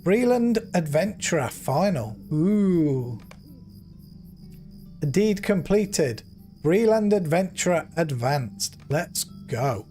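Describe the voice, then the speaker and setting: High, animated man telling a story. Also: slow, soft background music. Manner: earnest, emotional, animated retelling with restarts. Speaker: game streamer. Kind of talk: casual storytelling while gaming.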